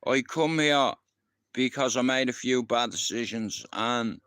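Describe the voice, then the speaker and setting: Smooth-voiced Irish man, rambling street tales. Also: mid-range voice, unhurried, a bit bright, dry recording. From Ireland. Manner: rambling, swears freely, keeps asking if you understand. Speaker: livestream host. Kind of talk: casual storytelling.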